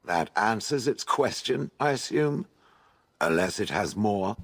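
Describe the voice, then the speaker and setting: Posh stone golem talkin down to everyone, real deep husky voice, swings up and down a lot. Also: male voice, animated, a little slow. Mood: haughty. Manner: posh, refers to others as "it". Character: haughty male stone golem, aloof and dry. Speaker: game character. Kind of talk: voiced game dialogue.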